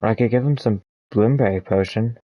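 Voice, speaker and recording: A man's voice: lowish voice, normal speed, mellow, no room sound, dull audio. A man reading a text adventure aloud, thinking aloud between passages in a hesitant way. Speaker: game streamer.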